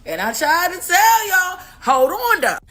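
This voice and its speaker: A middle-aged woman hosting a casual live stream, talking in an animated, profane, slangy way. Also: very high-pitched, a little slow. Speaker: livestream host.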